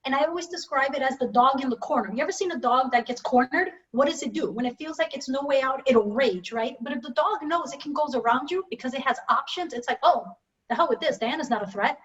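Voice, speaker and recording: A woman mental health professional speaking on a video call panel, telling lively stories and acting out the voices she quotes. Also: sits high, fast talker, few pauses, far from the mic, lo-fi sound. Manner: animated storyteller, acts out quoted voices. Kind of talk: webinar panel talk.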